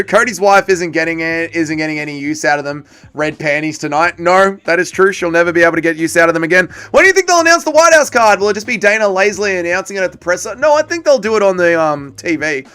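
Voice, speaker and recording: A man's voice: high-pitched, bright, forceful tone, smooth. A man hosting a livestream watch party, chatting casually and joking as he reads viewer comments aloud and answers them. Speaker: livestream host.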